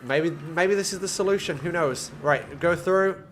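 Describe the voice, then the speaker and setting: Male game streamer, sharp bright tone, fed-up running commentary. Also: fairly high pitch, a little slow, slight background noise. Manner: exasperated, talks to himself and chat. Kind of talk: live-streamed gameplay commentary.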